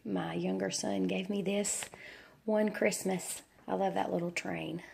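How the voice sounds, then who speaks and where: A homeschooling mom vlogger in her forties gives a casual tour of her own house, rambling with a few ums through a stuffy head cold. Her mid-range voice is steady and measured, with vocal fry and a darkish tone, and there's slight background noise.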